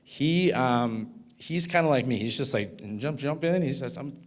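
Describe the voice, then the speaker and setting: A man's voice: medium pitch, expressive, measured pace. A man in his thirties gives a conference talk and tells a story. He talks casually, uses lots of "like," and keeps checking with the audience. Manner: casual, filler-heavy, asks the audience "right?". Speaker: conference speaker. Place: conference hall.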